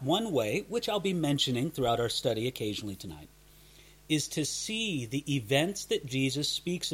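A man's voice: on the high side, breathy edge. A man teaching a Bible passage verse by verse, earnest, often repeating words as he starts a sentence.

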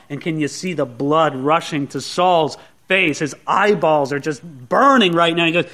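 A man preaching a sermon, teaching through a Bible passage in an animated way and acting out the characters' lines. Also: a little high, a little slow, few pauses. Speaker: pastor.

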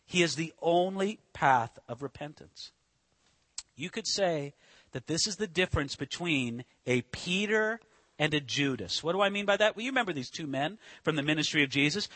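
A man's voice: a little high, animated, normal speed, bright, forceful tone, no room sound. A man preaching a sermon as a pastor, earnest and full of rhetorical questions.

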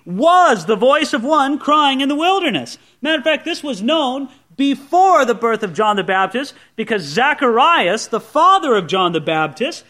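A man's voice: very high voice, sharp tone. A man preaching a sermon, teaching through a Bible passage verse by verse with conversational asides to the congregation. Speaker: pastor.

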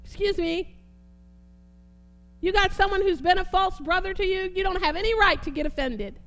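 A woman preaching a sermon, fervent, repeating phrases and swinging between soft and emphatic delivery. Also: very high voice, fast.

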